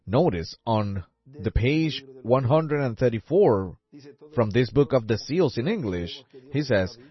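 A man's voice: mid-range voice, husky. A man preaching a sermon, fervent and exclamatory, narrating a scripture story while describing drawings on a board. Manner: fervent, rising exclamations, drawn-out emphasis. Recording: dull lo-fi recording.

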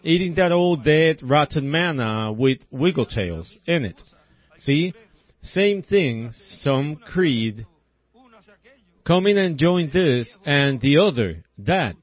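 A man's voice: a little high, big pitch swings, takes it slowly. A middle-aged man preaching a sermon in a folksy, rhythmic way, often tagging his points with "see?". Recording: dull lo-fi old recording.

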